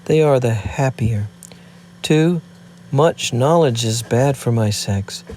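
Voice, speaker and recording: A man's voice: medium pitch, slow pace, a little mellow, a little hiss or hum, pitched above the performer's own voice, close to an everyday voice. A man reading aloud, voicing a proud, remorseful fallen woman in an impassioned, declamatory way. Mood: earnest.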